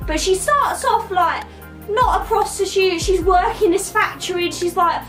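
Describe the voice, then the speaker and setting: A woman's voice: extremely high pitch, moderate pace, fairly bright tone, soft background music. A woman, giving a rambling, crude, irreverent comic recap of a film. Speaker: comedic film reviewer.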